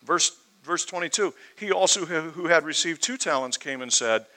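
Male preacher, fairly high and bright tone, expository sermon, fervent rhetorical questions. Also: lively intonation, moderate pace, rough recording.

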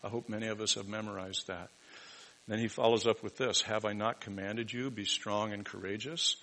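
Bright-voiced male preacher with big dynamic swings. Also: lowish voice, fairly even intonation, normal speed, rough recording. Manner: dynamic preaching, swings from hushed to loud emphatic. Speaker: pastor. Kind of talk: sermon.

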